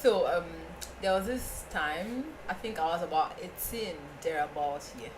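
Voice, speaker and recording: A young woman with a Nigerian accent, a podcast guest telling a story in casual chat, animated and often laughing. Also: a little slow, noisy background. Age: young adult. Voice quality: laughing, animated, breaks into high squeals.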